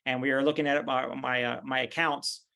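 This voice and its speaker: A man's voice: medium pitch, moderate pace, creaky. A middle-aged man as a podcast guest, telling stories casually and acting out the voices of people in his anecdotes. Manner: animated, acts out voices in anecdotes. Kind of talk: casual storytelling interview. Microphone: video call.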